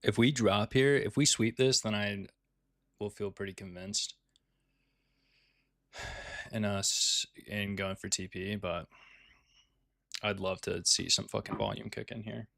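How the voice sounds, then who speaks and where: Brief: low, gravelly man, laid-back day trader talking through his trades, swears freely. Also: fairly even intonation, slow, long pauses, a bit bright, dry recording, studio quality. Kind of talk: casual live trading commentary.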